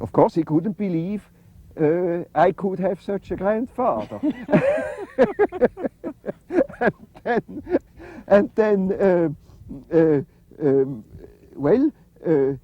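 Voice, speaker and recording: An older man, answering interview questions in a halting, reflective way with many fillers. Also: on the high side, husky, highs cut off. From Switzerland. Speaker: interview guest.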